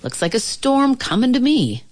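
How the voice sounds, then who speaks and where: A woman's voice: fairly high pitch, sing-song, normal speed, darkish tone, pitched above the performer's own voice. A woman voicing a kindly, reassuring old grandmother in a storybook read-aloud, with a soothing, folksy manner.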